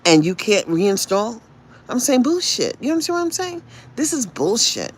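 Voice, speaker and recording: Woman podcast host, profane solo rant, very lively pitch, faint background noise. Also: moderate pace. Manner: profane, animated, repeats refrains. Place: home.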